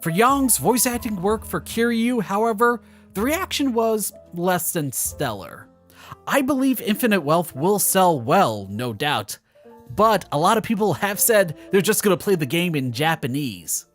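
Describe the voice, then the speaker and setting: Sarcastic male commentary narrator, lively pitch. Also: unhurried, faint music behind. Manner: sarcastic, mocking asides. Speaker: video commentator.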